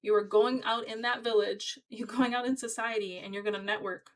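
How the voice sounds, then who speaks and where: A woman's voice: a little high, steady tone, a little fast, poor audio. A woman giving a casual tarot reading to her viewers, talking in a chatty, emphatic and encouraging way. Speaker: tarot reader.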